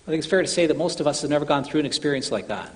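Earnest preacher in a reverberant hall. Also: male voice, fairly high pitch, lively intonation, racing. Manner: earnest, addresses listeners as brothers and sisters. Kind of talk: sermon.

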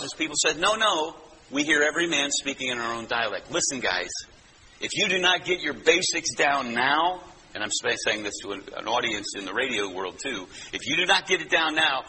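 A man's voice: a little high, sharp tone, a little hiss or hum, low-quality recording. A man preaching a sermon as pastor, teaching in a conversational way with frequent asides to his listeners.

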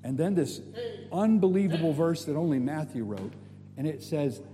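A male preacher in a church, storytelling with energy and slangy asides. His voice sits a bit high and mellow, ringing with a long hall echo over a faint hum. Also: moderate pace. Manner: animated, storytelling, casual slang. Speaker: guest preacher. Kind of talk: sermon.

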